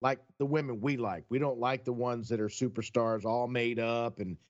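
A man's voice: mid-range voice, moderate pace. Man with a dull, lo-fi sound. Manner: excitable, jumps in to retell stories. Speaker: podcast co-host. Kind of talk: casual chat.

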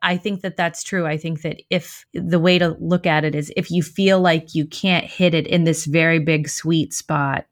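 A woman's voice: low voice, fairly even intonation, moderate pace, hardly any pauses. A woman hosting a podcast, chatting casually and asking long, thoughtful questions. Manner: thoughtful, asks questions at length. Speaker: podcast host. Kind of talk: casual chat.

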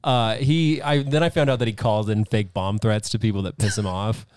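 A man's voice: on the low side, fairly even intonation, normal speed, darkish tone, smooth, no echo, studio quality. A man co-hosting a podcast, chatting casually with a skeptical, incredulous edge. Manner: skeptical, incredulous, laughs at absurd points. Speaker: podcast co-host. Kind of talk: casual chat.

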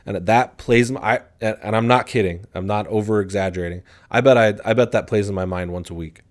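A man's voice: lowish voice, brisk. A man in his twenties, a guest on a podcast in a studio, speaking earnestly and reflectively in casual conversation. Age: 20s. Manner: earnest, reflective, animated when excited.

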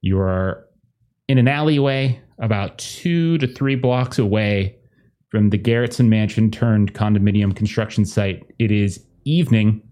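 A man narrating as game master, in a relaxed and rambling way. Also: lowish voice, unhurried.

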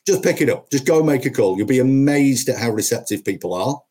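A man's voice: medium pitch, lively intonation, fast, dark tone. A middle-aged man, a podcast guest who trains salespeople, telling stories in an emphatic, punchy way full of repetitions. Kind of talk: conversational storytelling.

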